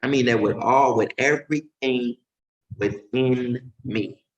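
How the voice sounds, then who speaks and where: A man's voice: slow, highs cut off. Emphatic male preacher in an echoey room. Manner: emphatic, swings between loud outbursts and low murmurs. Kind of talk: informal preaching. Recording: roomy echo.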